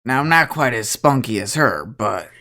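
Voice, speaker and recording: A man in the middle of a tabletop role-play session voices a string of hired crewmen. He talks in a laid-back drawl, full of small hesitations and fillers. His pitch sits in an ordinary middle range. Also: lively intonation, moderate pace, pushed and bright. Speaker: game master voicing characters.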